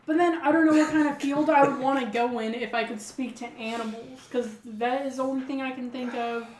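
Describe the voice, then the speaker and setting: A woman's voice: high voice, steady tone, fairly quick, a little mellow. A young woman co-hosting a podcast, chatting casually and playfully, laughing often and acting out silly voices. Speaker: podcast co-host. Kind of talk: casual chat. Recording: echoey room.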